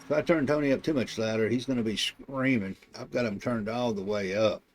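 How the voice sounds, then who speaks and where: A man doing relaxed play-by-play on a live sim race broadcast. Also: mid-range voice, a little fast. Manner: relaxed play-by-play, calls the action. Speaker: race commentator. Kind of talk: live sim racing commentary.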